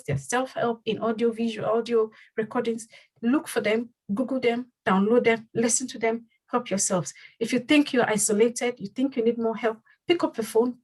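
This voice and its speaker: A woman with a husky, slightly raised voice hosts a community panel discussion as its leader. She talks earnestly and drives her points home by repeating phrases. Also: on the high side, rough recording.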